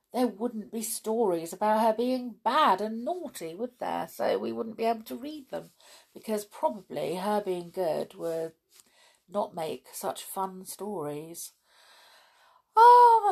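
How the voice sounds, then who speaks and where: Middle-aged lady reading kids' stories, lively and chatty, cosy. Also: on the low side, creaky, breathy edge. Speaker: storyteller. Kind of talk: children's story reading and chat.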